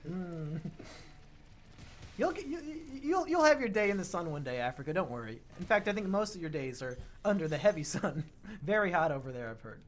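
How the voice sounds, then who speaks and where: A man co-hosting a casual podcast chat, talking fast and joking, often breaking into laughter. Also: sits high, very animated, slight background noise. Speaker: podcast co-host.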